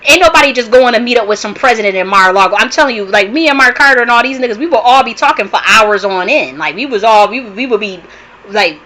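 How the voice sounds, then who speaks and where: A woman host talking in a casual monologue, an animated storyteller who swears a lot and restarts her sentences often. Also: on the high side, quick pace, low-quality recording. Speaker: channel host.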